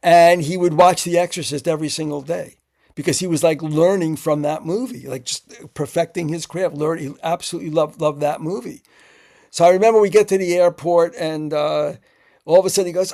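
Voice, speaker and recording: Gravelly, halting screenwriter telling stories. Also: male voice, fairly high pitch, darkish tone. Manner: halting with fillers, acts out quotes. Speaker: screenwriter guest. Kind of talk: anecdotal interview storytelling.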